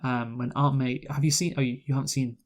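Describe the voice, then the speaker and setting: A man's voice: mid-range voice, little pitch movement, fast. A man co-hosting a casual movie review chat, rambling with lots of fillers and restarts. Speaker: podcast co-host, movie reviewer.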